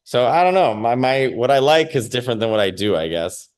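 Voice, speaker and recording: A man's voice: mid-range voice, big pitch swings, a little fast. Man, Chicago accent, stand-up comic guest, conversational and rambling, remote call from home. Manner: rambling and conversational, many fillers and restarts. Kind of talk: casual interview chat.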